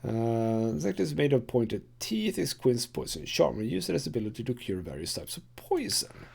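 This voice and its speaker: A man's voice: medium pitch, sing-song, a little fast, vocal fry, a little mellow, slightly rough. A man hosting a let's play, casually commenting on gameplay and thinking aloud with frequent fillers.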